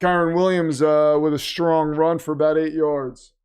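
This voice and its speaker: A man hosting a live watch party, reacting excitedly to the game and reading viewer comments aloud, his voice getting worn. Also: a little high, moderate pace, smooth. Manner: animated, exclaiming, reads chat aloud. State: losing his voice. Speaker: livestream host.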